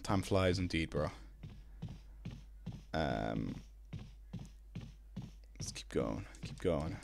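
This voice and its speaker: A young Irish man streaming a video game, chatting casually with his viewers between drawn-out ums. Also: extremely low pitch, expressive, creaky, slight background noise. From Ireland. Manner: laid-back, drawn-out ums, greets chat. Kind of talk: casual live-stream chat while gaming.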